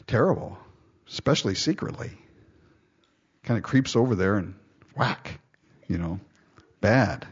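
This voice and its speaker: Husky-voiced man preaching with animation. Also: fairly low pitch, lively intonation, measured pace, pauses often, muffled recording. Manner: jokey, conversational asides. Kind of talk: sermon with scripture reading.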